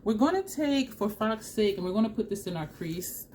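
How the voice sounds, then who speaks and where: A woman vlogger chatting excitedly and laughing often as she talks viewers through a makeup tutorial. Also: mid-range voice, a little hiss or hum. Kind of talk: casual makeup tutorial chat.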